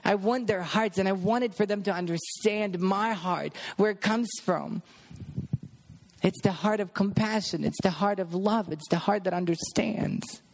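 Male storyteller, fairly high pitch, lively retelling of a faith encounter, plays the other parts himself. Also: unhurried, vocal fry. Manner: animated storyteller acting out dialogue. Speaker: ministry worker. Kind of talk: storytelling testimony.

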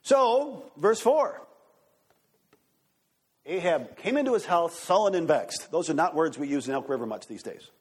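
A preacher man delivering a sermon with lots of energy, his voice sitting fairly high for a man. The tone is husky and a little rough, and he keeps breaking off to check in with the congregation. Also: unhurried, long pauses. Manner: excited, animated preaching with congregation asides. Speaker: pastor.

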